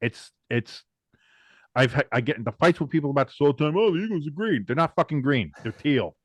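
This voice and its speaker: Sports podcast co-host, man, animated, profane, ranting; dry, close sound. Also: mid-range voice, fairly quick, no room sound. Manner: animated, swears freely, ranting. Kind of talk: casual sports chat.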